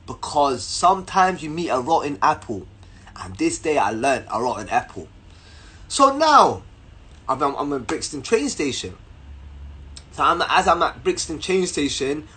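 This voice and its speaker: A young man telling a story to camera in an animated, slangy way, repeating words as he goes. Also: fairly high pitch. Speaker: vlogger.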